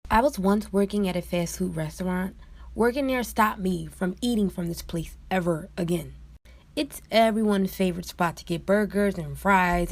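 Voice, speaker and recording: Woman, mid pitch, plain steady storytime narrator.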